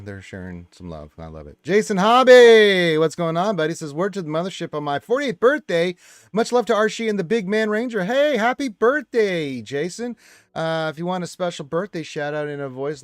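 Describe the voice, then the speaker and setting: A man hosting a casual livestream, reading viewers' chat messages aloud with lively swings in pitch and loudness. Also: no room sound, clean studio sound.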